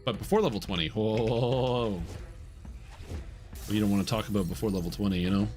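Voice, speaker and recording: A man's voice: on the low side, moderate pace, darkish tone, faint music behind. A man streaming a game, chatting candidly and explaining things as he plays. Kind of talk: casual gameplay commentary.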